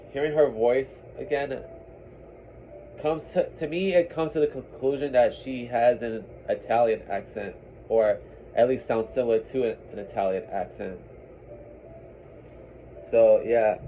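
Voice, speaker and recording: A man reads game dialogue aloud and breaks off into casual commentary, tripping over words and calling the listener "bro". His voice comes through a thin, phone-like mic with a faint hiss behind it. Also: medium pitch. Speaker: let's play host. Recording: tinny phone-like lo-fi sound.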